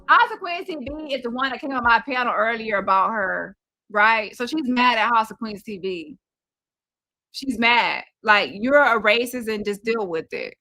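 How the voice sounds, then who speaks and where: A woman's voice: a little high, normal speed, bright, forceful tone, dry recording. A woman hosting a reaction commentary stream on a phone, mocking and sarcastic as she reacts in disbelief. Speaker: commentary show host.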